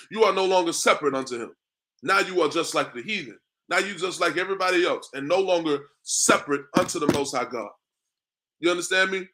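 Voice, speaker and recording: Bright-voiced street preacher, repeating himself. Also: male voice, a little high. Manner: repetitive, asks "you understand me?" often; conversational, drops in "man" and "bro". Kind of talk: street sermon to a class.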